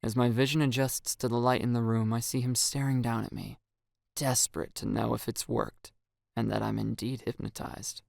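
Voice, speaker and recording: Gravelly-voiced man narrating a story. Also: mid-range voice, steady tone, moderate pace, a little mellow, no echo, clean studio sound. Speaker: audiobook narrator. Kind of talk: first-person story narration.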